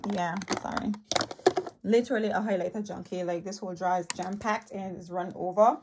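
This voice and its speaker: A woman's voice: fairly low pitch, fairly even intonation, fairly quick, darkish tone, slight background noise. A woman vlogging about her favorite beauty products in a rambling, enthusiastic way, full of fillers, a bit out of breath while recording on a handheld tablet at home. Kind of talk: chatty product review. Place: home room cluttered with makeup. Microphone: tablet held in hand.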